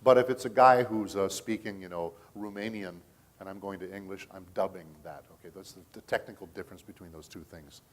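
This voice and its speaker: A middle-aged man talks through a voice acting convention panel in a loose, storytelling manner. His voice sits a little low. He keeps pausing to ask the crowd "okay?" while he explains how the work is done. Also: fairly even intonation. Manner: storytelling, chatty, checks in with the audience with "okay?". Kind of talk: casual panel talk.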